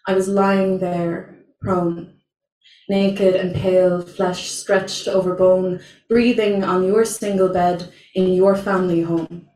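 A young woman performing a spoken word poem at an open mic, slow, deliberate and intense. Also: on the low side, little pitch movement, dark tone. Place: small venue, indoors. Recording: roomy, from far off.

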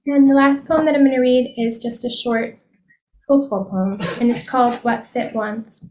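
A woman's voice: high voice, normal speed. Woman reading poetry in an echoey room. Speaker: poet reading her work. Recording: echoey room, faint noise.

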